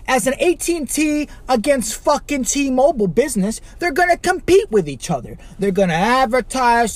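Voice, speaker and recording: A man from Chicago hosting a podcast, ranting alone with constant swearing, rhetorical questions and sudden loud outbursts. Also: very high voice. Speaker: podcast host. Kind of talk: profane solo rant.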